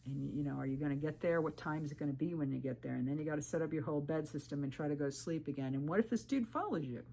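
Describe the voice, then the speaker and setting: Speaking very fast in a low, creaky voice over slight background noise, this thru-hiker video creator tells her story to camera. She warns viewers candidly and with emphasis, animatedly replaying what people said through "I'm like" lines.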